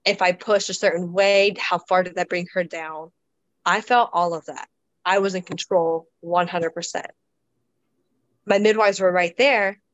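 A woman with a slightly low voice talks through her experience in a relaxed, reflective way, often restarting sentences and reaching for fillers. The sound is dry and close, with a dull, lo-fi tone. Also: unhurried, no room sound. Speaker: guest describing her births. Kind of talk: casual interview storytelling.

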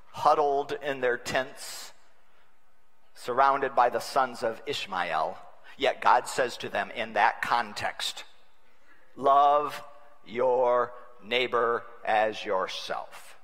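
A man preaching a sermon as a bishop, wry and humorous, swinging between loud and hushed delivery. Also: mid-range voice, very slow. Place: large conference hall. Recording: long reverb of a large conference hall.

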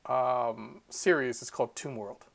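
A man's voice: mid-range voice, unhurried, creaky, fairly bright tone. A man talking as a podcast guest, earnest and explanatory in a casual chat. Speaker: podcast guest, tabletop channel co-host.

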